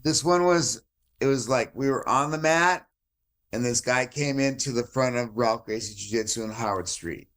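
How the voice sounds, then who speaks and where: A man's voice: mid-range voice, moderate pace. A man guesting on a podcast, telling a brawl story with lots of swearing and acted-out quotes. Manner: animated, swears often, acts out quoted voices. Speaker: podcast guest, jiu-jitsu black belt. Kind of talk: casual storytelling chat.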